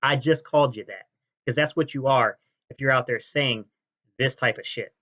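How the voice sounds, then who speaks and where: A man hosting a sports fan channel, ranting and mocking rival fans' comments, jumping between loud jabs and low sneers. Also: moderate pace, muffled recording. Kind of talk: fan reaction rant.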